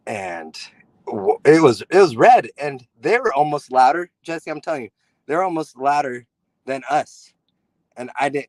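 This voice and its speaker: A male caller on a sports talk show who gets worked up and says his points more than once. His pitch sits in the middle of the male range. The recording is dry and close, with no echo. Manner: earnest, excitable, repeats himself for emphasis. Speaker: caller, football fan. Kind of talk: call-in conversation.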